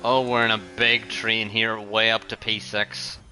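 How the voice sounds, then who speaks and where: Streamer, bright voice, jokey live game commentary, faint music behind. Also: male voice, lowish voice, level tone. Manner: joking, laughs often, quick asides.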